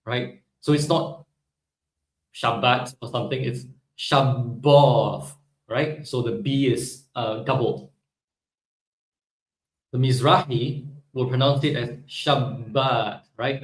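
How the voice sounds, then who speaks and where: Man, teacher, live online class, explanatory, roomy echoey sound. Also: mid-range voice. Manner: explanatory, peppers speech with "right?". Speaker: Hebrew teacher.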